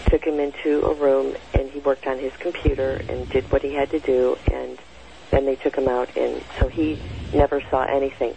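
Woman, 60s, gravelly, meandering storyteller; muffled recording with a faint hiss. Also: a bass voice, dark tone. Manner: rambling, with many fillers and self-corrections. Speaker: storyteller recounting a personal experience. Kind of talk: casual spoken storytelling. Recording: dull lo-fi sound with faint noise.

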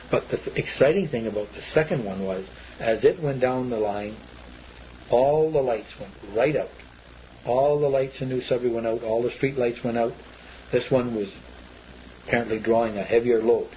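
A man tells his story in a loose, rambling way, repeating words and acting out what others told him. His voice sits at an ordinary middle pitch. The recording is a little dull and muffled, with a faint hiss behind it. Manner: rambling, repetitive, acts out quoted speech. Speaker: eyewitness telling his story. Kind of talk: casual spoken recollection.

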